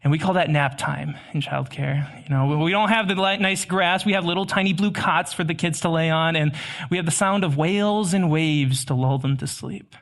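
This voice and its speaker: Young man, high voice, casual sermon, chatty, self-deprecating. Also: normal speed, a bit bright. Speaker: preacher.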